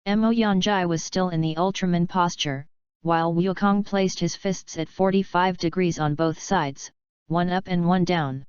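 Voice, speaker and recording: A woman reads a fanfiction story aloud in a steady, even narrating voice. Her voice sits a little low and sounds very smooth and clean. The recording is dry and a bit dull. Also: measured pace, no echo. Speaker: audiobook narrator. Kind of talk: reading a fanfiction audiobook.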